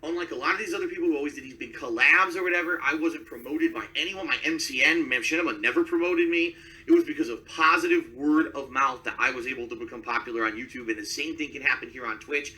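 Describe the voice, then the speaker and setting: A man's voice: mid-range voice, fast, sharp tone, distant mic, rough recording. A man streaming live and talking to his chat, defensive and self-promoting.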